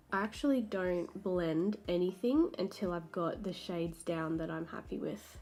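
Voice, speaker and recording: Chatty Australian woman explaining makeup. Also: fairly low pitch. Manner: chatty, explains each step as she works. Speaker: makeup artist. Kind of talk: talk-through makeup tutorial. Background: soft background music.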